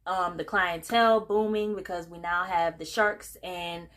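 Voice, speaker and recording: A woman casually recapping a film plot in a chatty, sassy way, dropping quick paraphrased quotes. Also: fairly low pitch, steady tone, a bit bright. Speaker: movie recap vlogger.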